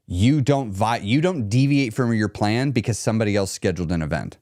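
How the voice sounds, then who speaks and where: A man coaching on weight loss during a live chat stream, blunt and emphatic, repeating his key points, and going quieter when he talks about himself. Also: lowish voice, expressive, fairly quick, dry recording, studio quality.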